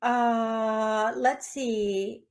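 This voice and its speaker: Slow, gentle woman hosting call-in radio. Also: on the high side, fairly even intonation. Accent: Upper Midwest American. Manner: slow, gentle, emotional, reads chat messages aloud. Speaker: psychic medium radio host.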